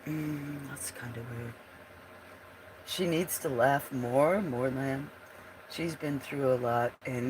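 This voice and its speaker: Drawing-stream host, casual and giggly, unhurried delivery, drifts off mid-sentence. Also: mid-range voice, darkish tone, slight background noise. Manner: giggly, laughs often, rambling. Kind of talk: casual chat while drawing.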